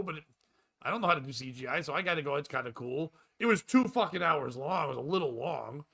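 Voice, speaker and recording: Podcast host, male, a bright tone that sits slightly high, loose rambling storytelling with casual swearing.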